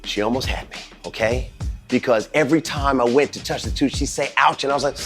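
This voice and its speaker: Middle-aged man, dentist, lively dramatic storyteller, faint music bed. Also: mid-range voice, fast talker. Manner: dramatic, repetitive retelling with quoted dialogue. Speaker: dentist and host. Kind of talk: animated storytelling.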